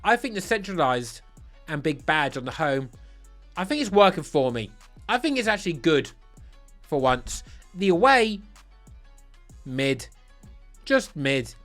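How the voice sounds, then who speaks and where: Ranking football kits in a casual, playful way, this male reviewer comes across as giddy and self-mocking, often stumbling and starting over. His voice sits on the high side, a bit bright, with big pitch swings, a measured pace, and frequent pauses, over soft background music.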